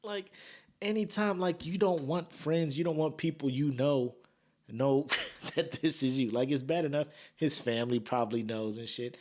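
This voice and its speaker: A man's voice: medium pitch, moderate pace. A man hosting a podcast, talking casually in slang and laughing often as he comments. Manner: laughs a lot, slangy and animated. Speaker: podcast host.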